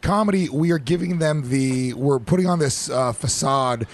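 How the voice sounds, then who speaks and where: A regular on a comedy podcast, making quick joking points in casual chat. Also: male voice, mid-range voice.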